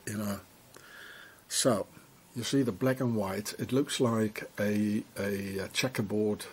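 Walking around town with a handheld camera, a man vlogs and rambles conspiratorially as he points things out. His voice is medium-pitched and a little mellow.

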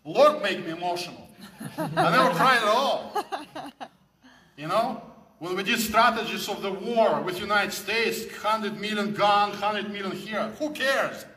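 A fervent man delivers a preaching speech in broken English. His voice is high and bright. The recording rings with a long hall echo. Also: expressive, measured pace. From former Soviet Union. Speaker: guest speaker. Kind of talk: impassioned speech.

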